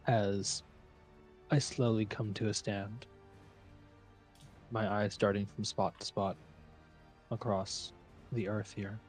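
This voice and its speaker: A man playing a tabletop game, slowly and gravely describing his character's actions in the first person. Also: fairly low pitch, darkish tone. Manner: slow, grave, drawn out. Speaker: player.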